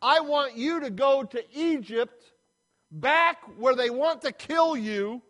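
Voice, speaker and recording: A man's voice: extremely high pitch, slow pace, fairly bright tone, pitched above the performer's own voice, heavily acted. A man voicing God commanding Moses, earnest and insistent. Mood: urgent.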